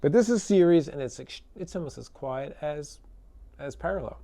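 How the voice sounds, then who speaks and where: A man who builds guitars, casually demoing one in a relaxed, chatty way with lots of fillers and tag questions, electric guitar playing between his remarks. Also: on the high side, moderate pace, vocal fry. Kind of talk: casual product demo talk.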